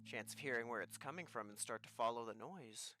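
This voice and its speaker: A man's voice: medium pitch, brisk, sharp tone. A man describing his character's actions in a tabletop role-playing game, hesitantly searching for words. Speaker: player. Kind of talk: tabletop role-play narration.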